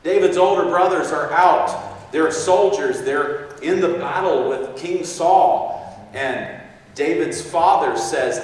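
Man preaching, story-driven, chuckling, slightly high voice, heavy hall echo, distant mic. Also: slow pace, slight background noise. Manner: animated, acts out quotes, chuckles often. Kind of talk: sermon storytelling. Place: large echoey hall.

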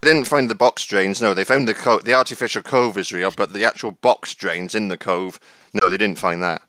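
A man's voice: lowish voice, a little fast, sharp tone, no room sound. A man co-hosting a casual chat over TV clips, making dry, skeptical remarks. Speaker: co-host.

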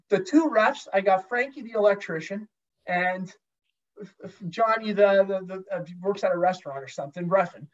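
A former pro hockey goalie telling a long, profane story as a guest in a casual chat, with lots of restarts. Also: male voice, high-pitched. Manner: profane, rambling anecdotes with many restarts. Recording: dull lo-fi sound.

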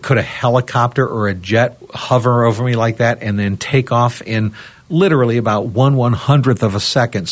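A man from the United States, a regular on a podcast panel, earnestly telling a personal story in casual chat and often turning to his listeners. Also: medium pitch. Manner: earnest, addresses listeners as "guys", checks in with "okay?". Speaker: roundtable panelist.

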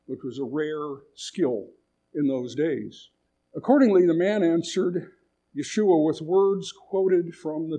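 Mellow-voiced man preaching. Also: fairly high pitch, slightly rough. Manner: conversational, restarts phrases, paraphrases a story aloud. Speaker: retreat speaker. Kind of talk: sermon with storytelling.

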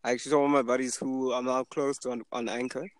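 A man's voice: level tone, racing, no echo, poor audio. A young man hosting a podcast, chatting casually and telling stories, acting out the people he quotes. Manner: storytelling, acts out the people he quotes in a higher voice. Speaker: podcast host. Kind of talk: casual chat.

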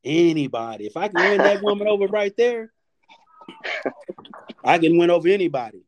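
Lively, joking man hosting a chat show. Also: high voice, moderate pace. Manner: loud, joking, profane, laughs often. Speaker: show host. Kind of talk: casual live audio chat.

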